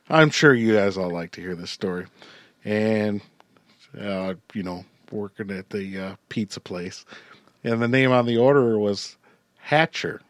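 A man's voice: lowish voice, slow pace, pauses often, no echo. A man hosting a casual hockey podcast, chatty, with frequent laughs and fillers. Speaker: podcast host. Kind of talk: casual sports podcast chat.

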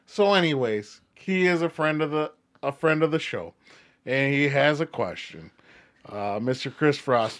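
Podcast co-host, male, slightly high-pitched, jokey and self-deprecating. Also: lively intonation, unhurried, fairly bright tone. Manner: laughs a lot, self-mocking. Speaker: podcast co-host reading listener questions. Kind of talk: casual sports podcast chat.

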